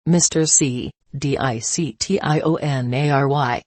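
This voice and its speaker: A text-to-speech voice reading short stories in an even synthetic delivery. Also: medium pitch, a little slow, no room sound. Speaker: story narrator.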